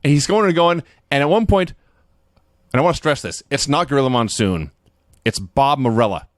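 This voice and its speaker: A man's voice: medium pitch, expressive, brisk, no echo, clean studio sound. A man co-hosting a casual chat, telling stories with frequent laughter. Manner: laughing storyteller, acting out quotes. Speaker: podcast co-host.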